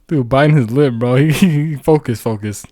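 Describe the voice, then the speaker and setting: A man's voice: medium pitch, unhurried, dark tone, slight background noise. A man casually reacting to a video, tossing in slangy quips and laughing often. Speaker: streamer reacting.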